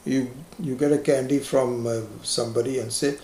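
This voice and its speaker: A man giving a slow, reflective spiritual lecture as a teacher, stressing key words with rising emphasis. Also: mid-range voice, fairly even intonation, mellow, a little hiss or hum. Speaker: Vedanta teacher. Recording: echoey lecture room.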